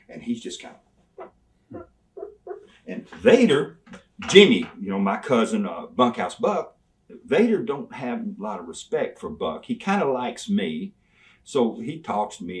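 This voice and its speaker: An older man, telling animated, folksy stories as an interview guest and laughing along the way. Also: mid-range voice, a little hiss or hum. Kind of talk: storytelling in a sit-down interview.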